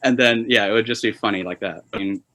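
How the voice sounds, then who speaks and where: A young man from China talks through an interview in a casual, hesitant way, dropping fillers and laughing at his own stories. His voice sits fairly low and comes across bright and forceful. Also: quick pace, poor audio. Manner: relaxed, hesitant, many fillers, laughs while telling stories. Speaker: interview guest, polyglot journalist.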